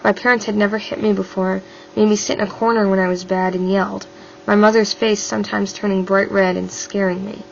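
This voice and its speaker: A woman reading a novel aloud in a steady, subdued way as an amateur audiobook reader. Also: medium pitch, brisk, vocal fry, slight background noise. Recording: dull lo-fi with faint music.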